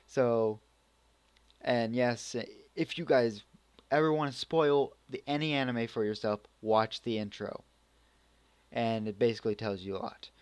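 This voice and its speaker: Male amateur reviewer, unhurried, loose and rambling delivery. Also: medium pitch, steady tone, clear, resonant tone, dry recording. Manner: rambling, full of restarts and acted reactions. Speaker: anime reviewer. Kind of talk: casual spoken review.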